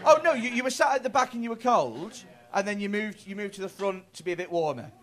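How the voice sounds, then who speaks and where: A man's voice: high voice, animated, fast, fairly bright tone. A man in his thirties doing stand-up crowd work in a comedy club, chatty and sweary with stammering restarts. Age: 30s.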